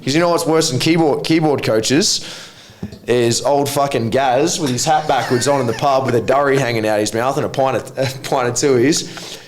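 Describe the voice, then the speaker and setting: A man with an Australian accent, an MMA coach talking as a guest on a podcast, telling blunt, sweary stories in an animated way. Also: medium pitch, moderate pace. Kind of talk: casual podcast chat.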